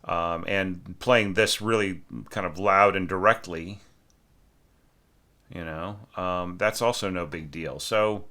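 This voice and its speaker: A man with a low voice that still sounds forceful and bright, giving a casual critique of a student's orchestral score. He thinks aloud with plenty of fillers and sings rhythm patterns as nonsense syllables to make his point. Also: takes it slowly.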